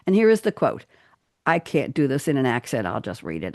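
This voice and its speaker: A woman's voice: very deep voice, huge pitch swings, brisk, darkish tone, dry recording. A woman hosting a live talk show, chatty and upbeat, speaking into a studio microphone. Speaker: host.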